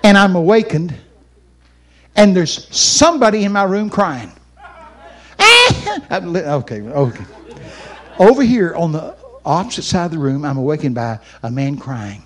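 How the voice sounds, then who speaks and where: A man preaching at a camp meeting with a fairly high voice. He tells his story with great animation, sometimes breaking into shouts and laughter. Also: animated, normal speed, a little hiss or hum. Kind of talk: storytelling sermon.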